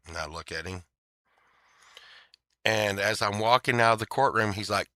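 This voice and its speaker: A man's voice: low voice, moderate pace, long pauses, pushed and bright, no room sound, clean studio sound. A man telling a rambling, profane personal story in a casual rant. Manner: rambling and profane, with repeated fillers.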